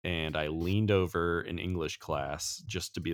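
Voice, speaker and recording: Casting: very low-voiced male podcast co-host, chatty, laughs a lot, dry close sound. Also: fairly even intonation, unhurried, no echo. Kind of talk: casual podcast chat.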